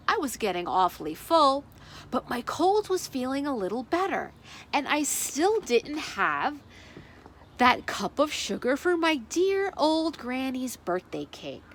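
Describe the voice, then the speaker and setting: A woman's voice: high-pitched, sing-song, unhurried, a bit bright, slight background noise, exaggerated voice. A woman voicing a sly male wolf who makes excuses, in a storybook read-aloud with a wheedling manner.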